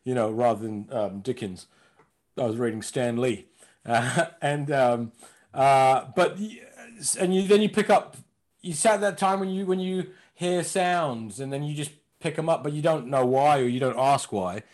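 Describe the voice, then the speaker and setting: A comedian from London with an American-tinged accent, joking and rambling in a casual interview. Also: male voice, medium pitch, moderate pace, a little mellow. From London, England. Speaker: comedian guest.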